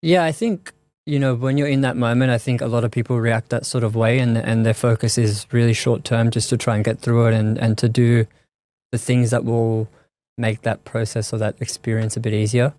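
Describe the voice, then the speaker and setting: A man talks through an interview at an even, steady pitch that barely rises or falls. He stops and restarts his thoughts as he weighs each word. The sound is dry and close, with no room echo. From Australia. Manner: thoughtful, halting, many restarts and fillers. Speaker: guest. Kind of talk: reflective conversational interview.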